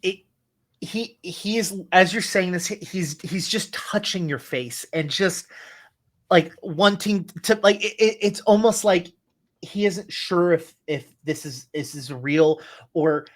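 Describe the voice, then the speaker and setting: Male game master, unhurried and halting, stumbles through restarts while narrating a tabletop horror game. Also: sits high. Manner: halting, many restarts and fillers.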